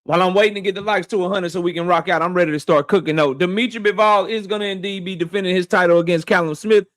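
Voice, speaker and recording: A man hosting a boxing livestream, shouting out viewers by name in loose, slangy casual talk. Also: high voice, steady tone, fast, no room sound, studio quality.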